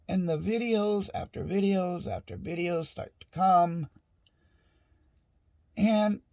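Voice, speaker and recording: A man's voice: a little high, gravelly, darkish tone, no echo. A middle-aged man in a casual, rambling monologue at home, frustrated and restarting often. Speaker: vlogger. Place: home with dogs nearby.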